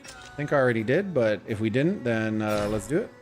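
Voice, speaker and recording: A man's voice: lowish voice, animated, fairly quick. A man hosting a casual gaming livestream, talking loosely, rambling and greeting viewers from chat, with faint music behind him. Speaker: livestream host. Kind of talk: casual gaming stream commentary.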